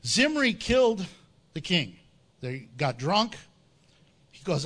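A man's voice: high voice, slow pace. A man preaching a sermon, telling a story with jokes and acting out the characters' lines. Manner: animated storytelling with jokes and acted-out voices. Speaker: pastor.

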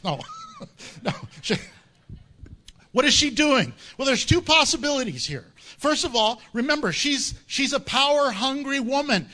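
A man delivers a sermon in a high, bright voice. His pitch leaps and drops constantly as he tells the story with humor and acted-out asides. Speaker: pastor.

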